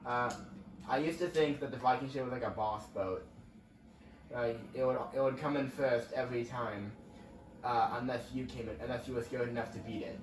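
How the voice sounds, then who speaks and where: A man's voice: mid-range voice, fairly even intonation, normal speed, slight background noise. A young man casually rambling as he plays a racing game for his channel, reacting to the action as it happens. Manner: rambling, chatty, reacting to gameplay. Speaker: gaming channel host. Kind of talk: casual let's-play commentary. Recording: roomy, distant mic with faint ambience.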